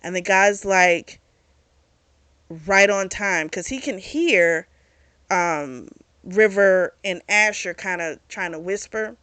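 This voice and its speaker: A woman hosting a book club, casually recapping a novel's plot, animated and swearing freely. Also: medium pitch, slow, clean tone, no echo.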